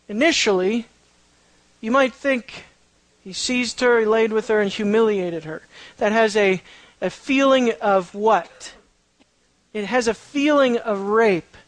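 A preacher delivering an expository sermon, recorded close and dry with almost no room sound. The voice rises and drops sharply for emphasis. Key phrases come back again and again, and the listeners are pushed with questions. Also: dry recording. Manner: asks the listeners rhetorical questions; pitch and loudness swing widely for emphasis.

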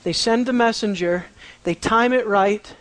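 A preacher giving a conversational sermon on a Bible passage, often asking the listeners questions and telling the story with dramatic swings between quiet and excited. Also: medium pitch, unhurried, no echo.

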